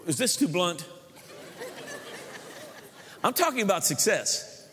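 A man's voice: sits high, very animated, slow, a bit bright, some chatter behind, a little hiss or hum. A man preaching a sermon as pastor, telling stories animatedly and acting out the people he quotes. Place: church sanctuary. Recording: long reverb of a church hall.

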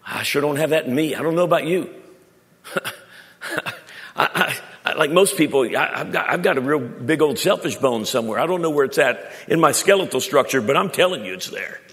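Animated male preacher in a reverberant hall. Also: on the high side, fairly quick. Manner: animated preaching with stammered restarts and sudden loud climbs. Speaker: pastor. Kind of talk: sermon. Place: church auditorium. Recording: long reverb of a large hall.

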